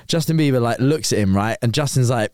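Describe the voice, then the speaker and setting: A man's voice: medium pitch, fast talker, no room sound. Chatty man telling a story, dry. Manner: animated anecdote-telling, lots of restarts and quoted lines. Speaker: guest, radio presenter. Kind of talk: casual storytelling chat.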